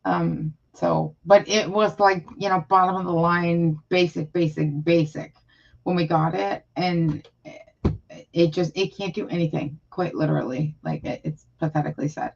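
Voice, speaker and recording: A woman's voice: on the low side, steady tone, moderate pace, vocal fry, muffled recording. A woman chatting casually on her live stream, rambling and frustrated, with lots of fillers.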